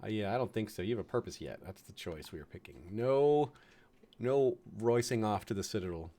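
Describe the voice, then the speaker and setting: A man's voice: on the low side, expressive, fairly quick, warm tone. Chuckling man commenting on a strategy game. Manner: chatty, chuckling, loves puns. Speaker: game streamer.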